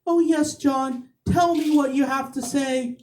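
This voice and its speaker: A woman's voice: steady tone, a little slow, a little mellow. A panicky wife shrieking herself awake, as a man puts her on. Her voice sits far above his own and wavers in a sing-song way. It sounds a bit off-mic, in a comedy club. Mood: fretful. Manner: high, shrill and sing-song. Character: startled wife woken from a nightmare.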